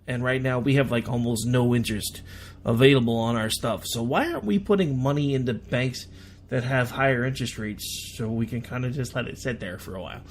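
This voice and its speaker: An American man hosting a radio show, reading international news aloud and breaking off into sarcastic, self-deprecating asides with halting restarts. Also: medium pitch, slight background noise. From United States. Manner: reads news then adds chatty sarcastic asides. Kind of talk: casual news commentary.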